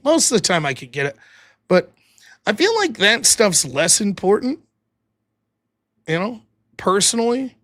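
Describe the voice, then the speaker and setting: Lively, bright-voiced male streamer. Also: high voice, normal speed, no echo. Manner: loose and rambling, swears freely. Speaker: live streamer and show host. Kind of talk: casual late-night live stream chat.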